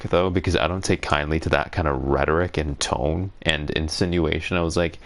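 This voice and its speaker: Very low gravelly man telling a story. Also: steady tone, moderate pace, fairly bright tone. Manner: rambling, sarcastic, indignant, laughs often. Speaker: gaming streamer. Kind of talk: casual storytelling while playing.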